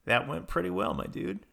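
A man's voice: mid-range voice, bright, forceful tone. A man co-hosting a comedy podcast, playing an awkward, eager character in an improvised scene, rambling with fillers.

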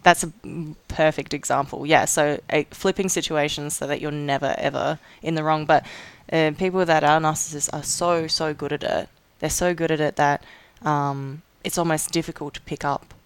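A podcast co-host talking casually, with lots of likes and quick restarts. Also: medium pitch, fairly even intonation, clear, resonant tone, no room sound. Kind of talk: casual chat.

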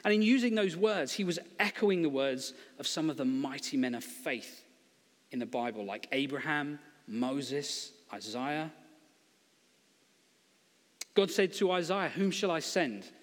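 A man gives a sermon, chatty and funny, slipping into little acted-out quotes. His voice sits a bit high for a man. A long reverb trails after him, as in a large hall. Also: animated, a little slow. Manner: conversational, humorous storytelling, acts out quotes. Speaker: preacher.

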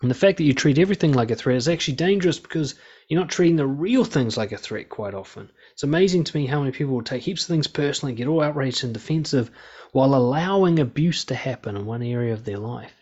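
Man, blunt, swears a lot, opinionated casual commentary, average pitch, dull lo-fi recording. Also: animated, quick pace, darkish tone, slightly rough.

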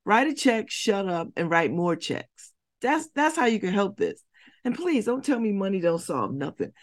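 A woman's voice: mid-range voice, sing-song, moderate pace. A woman hosting a community radio show, talking bluntly and preachily with rhetorical questions. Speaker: radio host. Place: radio studio.

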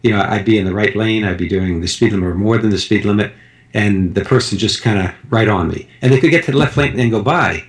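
In casual conversation, a fast-talking man with a fairly low voice rambles through a personal story, restarting his sentences again and again.

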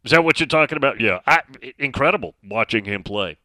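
A man's voice: mid-range voice, expressive, fast talker, pushed and bright, dry recording. A middle-aged man hosting a sports talk radio show, speaking emphatically and reading out listener messages.

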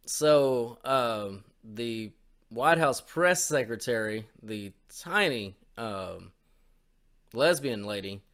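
A man's voice: medium pitch, expressive, slow, a bit bright. Crude rambling male podcaster. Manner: crude, rambling, lots of swearing. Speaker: podcast co-host. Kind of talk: casual profane chat.

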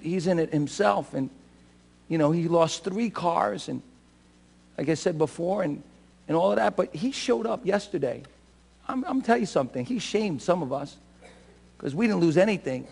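A pastor preaching a sermon with fervor, swinging from soft talk to shouting. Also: male voice, on the high side, expressive, normal speed, creaky, breathy edge, in a large hall. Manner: self-described shouter and crier. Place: church sanctuary.

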